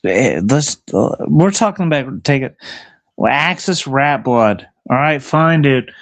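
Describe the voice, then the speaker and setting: A man's voice: medium pitch, animated, measured pace. A man livestreaming outdoors in the cold, ranting angrily and profanely at his chat and at himself.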